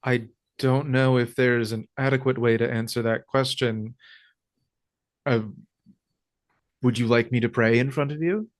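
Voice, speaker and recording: Hesitant man player, halting speech. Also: medium pitch, fairly even intonation. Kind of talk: in-character tabletop play.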